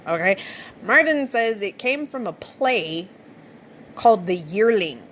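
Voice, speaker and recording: A woman's voice: medium pitch, expressive, measured pace, fairly bright tone, slight background noise. A woman hosting a podcast, casually retelling a movie plot in a chatty way and swearing freely. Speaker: podcast host.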